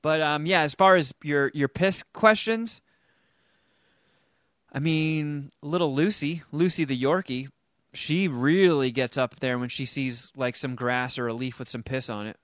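A man's voice: a little high, measured pace, a bit bright, dry recording, studio quality. A man hosting a comedy podcast, reading out voicemails with crude, joking banter. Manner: crude, joking, laughs easily. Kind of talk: casual comedy podcast chat.

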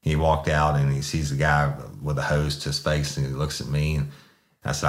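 Very deep-voiced man telling stories. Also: completely flat delivery, normal speed. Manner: blunt, profane, many restarts. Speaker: former police sergeant. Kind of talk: crude casual storytelling.

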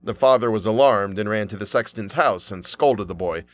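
A man narrating a fairy tale in an animated storybook reading. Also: lowish voice, normal speed.

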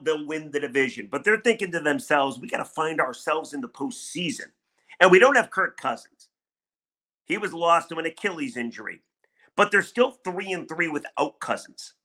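A man's voice: fairly high pitch, sharp tone. A middle-aged man hosting a solo sports talk podcast, candid, conversational and emphatic. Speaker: sports radio podcast host.

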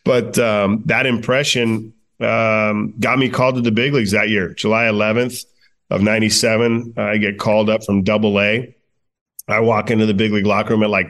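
A man's voice: lowish voice, fairly bright tone. A man in his forties, a guest on a podcast, telling chatty stories full of fillers and laughing through them. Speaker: guest, baseball manager. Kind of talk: casual interview storytelling.

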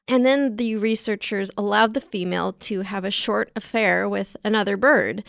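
A woman's voice: mid-range voice, normal speed, vocal fry, fairly bright tone, dry recording, studio quality. A young woman co-hosting a casual comedy podcast, presenting animal science with rambling jokes and frequent laughter. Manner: jokey, rambling, laughs often.

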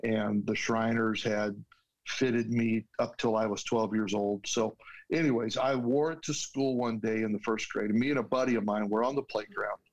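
A man's voice: lowish voice, fairly even intonation, moderate pace, muffled recording. Earnest man telling his story. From United States. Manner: earnest and heartfelt, with restarts and the odd laugh. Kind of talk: personal storytelling.

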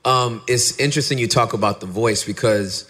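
A middle-aged man, a pastor and podcaster, talking candidly in an interview and acting out his stories with lively dialogue. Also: brisk. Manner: animated storyteller, acts out dialogue in a high voice.

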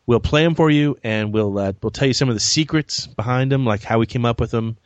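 A man's voice: medium pitch, fairly quick, dry recording, lo-fi sound. Easygoing man co-hosting a podcast. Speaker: podcast co-host. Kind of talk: casual chat.

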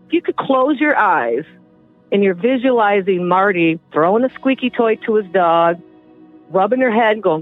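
A woman recounting events in an interview, animated and acting out the voices and sounds she describes. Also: fairly low pitch, moderate pace, soft background music. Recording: tinny phone-line audio.

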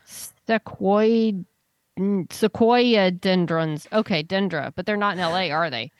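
A woman's voice: medium pitch, takes it slowly, clean tone, dry recording. A woman co-hosting a podcast, chatting casually and reading listener emails aloud with playful asides. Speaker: podcast co-host.

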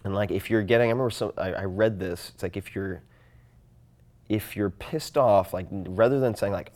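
A man talks in a relaxed podcast chat. His voice sits on the low side, and he thinks out loud as he goes. He gets animated and reflective, often acting out his own inner voices. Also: a little fast. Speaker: podcast guest. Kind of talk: casual conversation.

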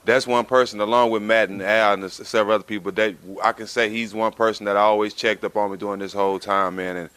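Man, earnest co-host, low bright crisp voice, quick talker, dry close sound. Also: fairly even intonation, dry recording. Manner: earnest, repeats himself. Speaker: co-host and older mentor figure. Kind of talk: casual podcast chat.

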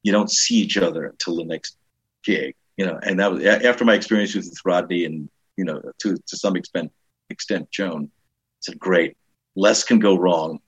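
An older comedian with a New York accent spins animated backstage anecdotes, slipping into quoted voices as he goes. His voice is husky and sits a little low. The recording sounds dull and lo-fi. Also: moderate pace. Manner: animated, acts out quoted voices, frequent restarts. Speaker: comedian and guest. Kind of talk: casual anecdotal storytelling.

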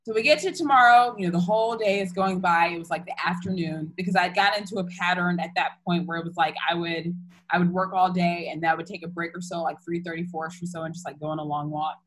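A woman's voice: lowish voice, steady tone, quick pace, fairly bright tone, low-quality recording. A young woman candidly retelling a personal story in casual chat, full of fillers and restarts.

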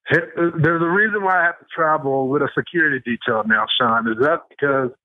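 A man calling in to a radio show as a correspondent, talking in an animated way that stumbles over repeated words. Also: fairly high pitch, a little fast, dry recording. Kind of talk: phone-in interview. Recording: tinny phone line.

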